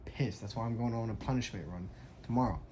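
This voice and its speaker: Young guy fitness coach just talking to the camera, blunt and fired up, says like a lot, mid-pitched voice. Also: fast talker, mellow, slight background noise. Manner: emphatic, frank, peppered with "like". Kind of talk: casual vlog storytelling.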